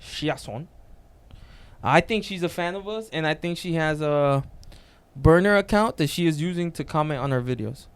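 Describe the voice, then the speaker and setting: A man co-hosting a casual podcast, telling an animated story and reading comments aloud. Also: a little high, normal speed, clear, resonant tone. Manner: animated storytelling, reads out comments, laughs a lot. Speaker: podcast co-host.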